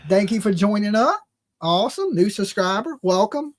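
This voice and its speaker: A man's voice: high-pitched, very animated, moderate pace. A middle-aged man hosting a casual livestream, blunt and opinionated, talking straight to his chat. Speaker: true crime livestream host.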